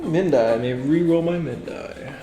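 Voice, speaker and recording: A man's voice: a little high, moderate pace. A man playing in a tabletop game, chatting casually about dice and rules. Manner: casual, chatty rule talk. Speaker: player. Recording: roomy echo, faint music.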